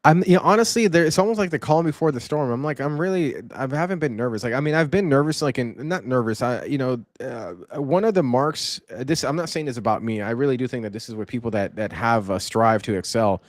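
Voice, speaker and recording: A man's voice: mid-range voice, fast talker, few pauses, no echo. Rambling male podcast host, dry sound. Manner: rambling, restarts sentences often. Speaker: podcast host and event organizer. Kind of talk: casual podcast chat.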